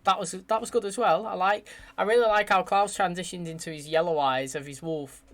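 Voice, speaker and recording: A man's voice: high-pitched, a little fast. A young man with an English accent, chatting casually as he reacts to a TV episode, saying "mate" often. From England. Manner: chatty, animated, says "mate" a lot. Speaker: TV reaction host.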